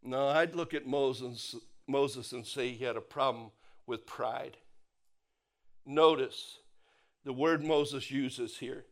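A man preaching a sermon, emphatic, repeating key phrases and dropping his voice low on the punch lines. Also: takes it slowly. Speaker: pastor.

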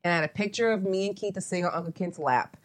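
A woman's voice: mid-range voice, quick pace. A young adult woman, a photographer as interview guest, chatting casually and meandering with lots of asides.

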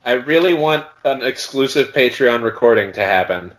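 A man's voice: mid-range voice, expressive, moderate pace, poor audio. A man co-hosting a casual podcast, joking and poking fun at himself. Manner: joking, self-mocking. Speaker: podcast co-host.

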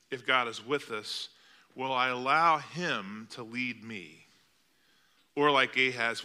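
A man's voice: mid-range voice, pushed and bright. A male pastor preaching a sermon in a church, telling a story with vivid, dramatic delivery. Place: church sanctuary.

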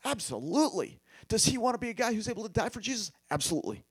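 Animated man preaching with rising emphasis. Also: high-pitched, rapid-fire, breathy edge. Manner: emphatic, with rhetorical questions and sudden drops to a hush. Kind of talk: sermon.

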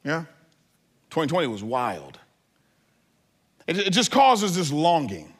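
A man preaching as a pastor, telling a family story with lively asides to the congregation. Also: a little high, slow pace, slightly rough. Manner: animated, acts out family scenes. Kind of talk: sermon.

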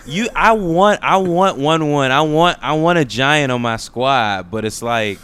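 A man co-hosting a podcast in casual chat, retelling scenes in a profane, animated way. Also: on the high side, unhurried, clear, resonant tone, dry recording. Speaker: podcast co-host.

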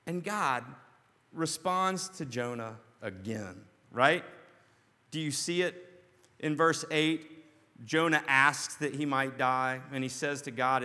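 A man preaching a sermon, dramatic and storytelling, dropping to a hush and then rising to shouts. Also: medium pitch, slow pace. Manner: dramatic, swings from hushed to shouting. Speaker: pastor. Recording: long hall reverb.

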